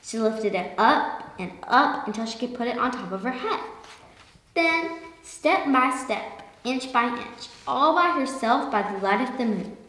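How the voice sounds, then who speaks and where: A woman reading a children's picture book aloud in a lively way, slowing down for emphasis. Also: a little high. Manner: lively, with slowed emphatic passages. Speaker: storyteller. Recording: echoey room with long reverb.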